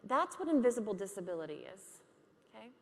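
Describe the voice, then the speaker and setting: A woman giving a candid, lively conference keynote, laughing along with her audience. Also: medium pitch, fast talker, gravelly, in a large hall. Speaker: keynote speaker. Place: conference hall.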